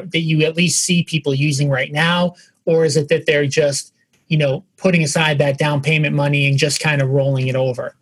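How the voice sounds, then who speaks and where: A man with a slightly raised pitch hosts a casual podcast interview, speaking as a fellow real estate investor. He asks loose, rambling questions, restarting his phrases as he goes.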